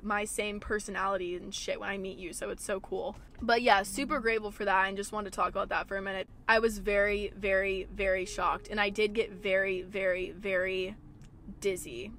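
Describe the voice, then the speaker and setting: A woman's voice: mid-range voice, a bit bright, slight background noise. Young woman podcasting from her car, super chatty, says like constantly, lots of cursing. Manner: chatty, swears a lot, heavy filler "like". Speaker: podcast host. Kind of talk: casual solo podcast chat. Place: parked car at a gas station.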